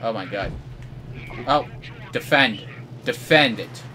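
A man commentating his online match live, his pitch leaping all over as he trash-talks with mock outrage. He drawls along at an unhurried pace. A faint hiss sits under his voice. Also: lively intonation, bright, forceful tone. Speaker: gameplay commentator.

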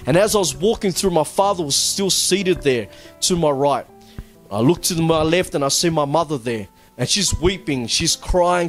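A man with a fairly high voice tells his testimony in an earnest, halting way, often repeating words. Soft music plays faintly behind him. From Australia. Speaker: church testimony speaker. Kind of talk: personal testimony. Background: faint background music.

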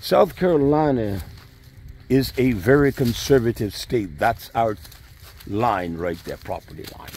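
A man's voice: mid-range voice, animated, a little slow, a little mellow. A middle-aged man, a community leader, leading an enthusiastic walking tour outdoors on rural land and repeating himself as he goes. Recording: faint outdoor background noise.

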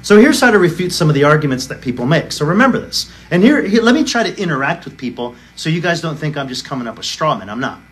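A man's voice: on the high side, big pitch swings, fast talker, hardly any pauses, a bit bright. A male pastor preaching a sermon, arguing emphatically and firing off rhetorical questions. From United States.

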